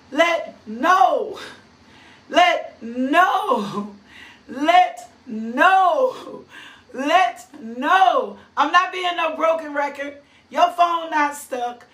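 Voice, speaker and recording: Woman preacher, high voice, slow and drawn out, whoops and shouts, echoey room. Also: distant mic. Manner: fervent, repeats phrases, sudden high whoops and shouts; reads scripture verses aloud. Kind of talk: impassioned sermon.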